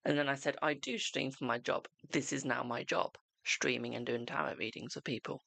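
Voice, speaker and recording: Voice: medium pitch, steady tone, brisk, gravelly, a bit bright, no echo. A host giving live-streamed tarot readings in a chatty, reassuring way, calling viewers darling.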